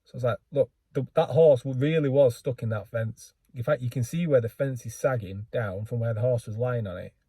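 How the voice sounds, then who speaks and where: A man's voice: medium pitch, fairly quick, hardly any pauses, dark tone, slightly rough, dry recording. A man telling a rambling, self-deprecating story in a casual vlog, full of fillers and restarts. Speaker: book vlogger.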